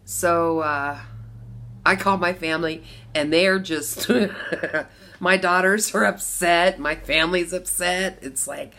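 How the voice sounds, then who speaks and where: A middle-aged woman from Las Vegas telling a personal story to camera, animated, with bursts of laughter between lines. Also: lowish voice, slow. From Las Vegas, USA. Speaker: vlogger.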